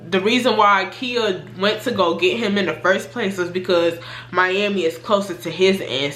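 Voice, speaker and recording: Chatty young woman with a bright voice. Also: roomy sound. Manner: animated retelling, voices her own past reactions with rising pitch. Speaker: storytime vlogger. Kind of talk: casual storytelling.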